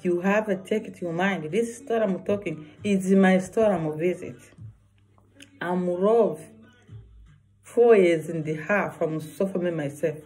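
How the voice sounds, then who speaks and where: Slow, earnest woman vlogger. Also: on the low side, darkish tone, faint music behind. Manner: earnest, repetitive, broken English. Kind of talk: personal warning vlog.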